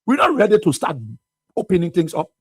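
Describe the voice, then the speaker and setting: A man's voice: sits high, very animated, fairly quick, slightly rough, dry recording. A Liberian man hosting a radio talk show, delivering fiery political commentary full of rhetorical questions. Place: radio studio.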